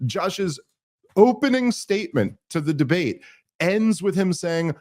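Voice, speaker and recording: A man hosting a podcast, telling a story in casual chat, animated and full of restarts and mocking asides. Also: high-pitched, a little slow. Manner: animated, mocking quoted voices, many restarts. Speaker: podcast host.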